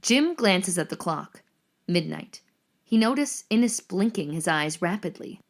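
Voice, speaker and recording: A woman narrates the action lines of a screenplay reading, measured and descriptive. Her voice is on the low side and expressive.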